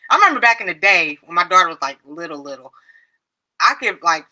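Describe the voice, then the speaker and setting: A woman's voice: on the low side, sing-song, fast talker, bright, forceful tone. A middle-aged woman hosting a casual livestream chat, laughing often and reading out viewer comments. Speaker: livestream host.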